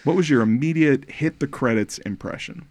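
A man's voice: medium pitch, animated, moderate pace, creaky, a little mellow, husky, no room sound. A man in his forties hosting a casual film podcast, playful and teasing, talking at length with little restarts. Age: 40s. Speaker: podcast host.

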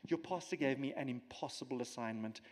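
A man giving a sermon as a guest preacher, animated and teaching with everyday examples and asides. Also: mid-range voice, fairly quick, in a large hall. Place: church.

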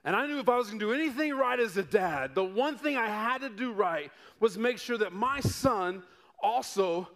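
A middle-aged man from Denver preaching a sermon to his congregation, telling stories with playful asides and mounting excitement. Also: high-pitched. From Denver, United States. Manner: animated storytelling with rising excitement and playful asides. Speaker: pastor.

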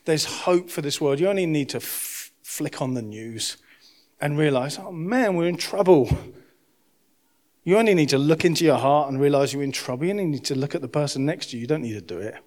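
Male pastor, young adult to 30s, preaching with surging emphasis and hushed asides. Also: on the high side, quick pace. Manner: impassioned, swings between loud emphasis and hushed lines. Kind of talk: sermon.

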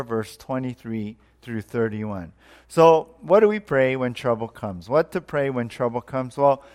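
A man preaching and praying in a steady, middling voice, repeating his words in a prayerful rhythm. His voice drops softly away at the close of each phrase as he leads a sermon. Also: mid-range voice. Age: adult, married. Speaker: pastor.

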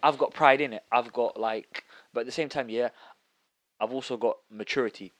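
A man in casual podcast banter, quick and jokey, giving playful mock lectures. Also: medium pitch, no room sound, low-quality recording. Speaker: podcast co-host.

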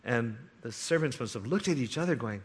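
A man preaching a sermon, telling a parable with dramatic swings between hushed, quiet lines and loud, eager ones. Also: mid-range voice, lively intonation, fast talker, slightly rough. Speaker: pastor.

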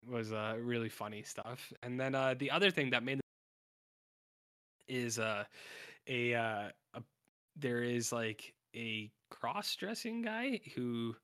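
A man's voice: mid-range voice, animated, takes it slowly, sharp tone, clean tone. A man co-hosting a podcast, rambling through an episode recap and acting out the characters' lines. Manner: rambling, self-interrupting, acts out characters' lines. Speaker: podcast co-host. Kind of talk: casual episode recap chat.

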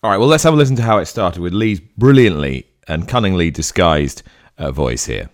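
A man hosting a racing podcast, teasing and lively with his guest. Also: low voice, fairly quick. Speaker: podcast host. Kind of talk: casual interview chat.

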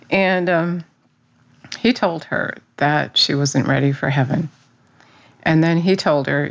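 A woman's voice: low voice, a little slow, vocal fry. A middle-aged woman who teaches Bible study, sharing a personal faith testimony in an earnest, rambling way. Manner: earnest, rambling, with restarts and fillers.

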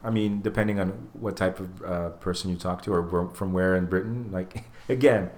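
A man's voice: low-pitched, normal speed. A man hosting a podcast, telling stories animatedly and acting out quoted lines. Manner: animated storyteller, acts out quotes. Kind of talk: casual chat. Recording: roomy echo.

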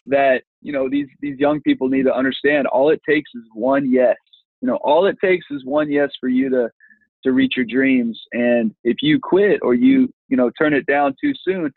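A man, a football coach telling an animated story from his playing days in an interview, voicing the people in it as he goes. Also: mid-range voice, no echo. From Texas. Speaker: football coach, former college lineman. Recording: tinny phone-like line, dry.

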